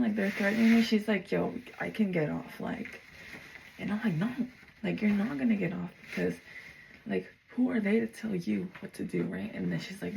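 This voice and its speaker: Young woman, gravelly fry, mellow dark tone, chatty dream story, faint background hiss. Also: mid-range voice, poor audio. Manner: chatty, full of "like", drifts between soft mumble and heated. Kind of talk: casual dream retelling.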